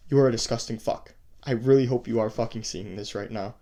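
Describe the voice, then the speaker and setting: A man's voice: mid-range voice, fairly even intonation, a little fast, dark tone. A man hosting a video, angrily commenting on chat messages he reads out, swearing and sounding disgusted. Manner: profane, disgusted, heated. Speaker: host. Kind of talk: angry commentary reading chat logs.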